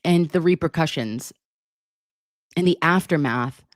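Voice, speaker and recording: A woman's voice: low voice, measured pace, no room sound, clean studio sound. A woman, hosting a casual livestream and reading viewer comments in a chatty, emotional way. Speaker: livestream host reading chat.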